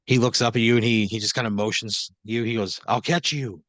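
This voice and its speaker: A man hosts an improvised comedy podcast as the storyteller, in a fairly low voice. He narrates casually, piling up fillers and asking for confirmation. The sound is close and dry. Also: flat delivery, quick pace, fairly bright tone, dry recording. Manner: casual, laughing narration full of "like" and "right?". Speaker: host and game master.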